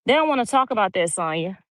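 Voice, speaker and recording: A middle-aged woman with a Louisiana twang chats through viewer comments on a home livestream. She talks in a gossipy, easygoing way and laughs often. Her voice sits at a middle pitch and sounds dry and close. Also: lively intonation, a little fast, a bit bright, dry recording. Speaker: livestream host. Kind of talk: casual live chat reading comments.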